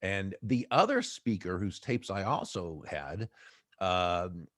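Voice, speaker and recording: Sitting low in pitch and taking his time, a middle-aged Boston-area man with a slight accent tells stories as an interview guest. He writes books and gives sales talks, and he's an animated narrator who laughs a lot. Clean studio audio, no room sound.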